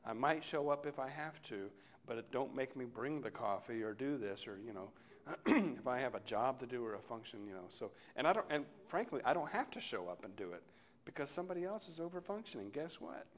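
Male pastor, middle-aged, easygoing reflective sermon, average pitch, softens to near-whisper at phrase ends. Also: expressive, a little fast. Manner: conversational, reflective, often dropping to a soft close.

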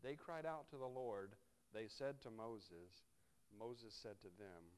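A man's voice: slow, clean tone. Man preaching a wry, conversational sermon. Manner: conversational, wry preaching with frequent "right?" asides; swings between soft, low reflection and loud, animated emphasis. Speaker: pastor.

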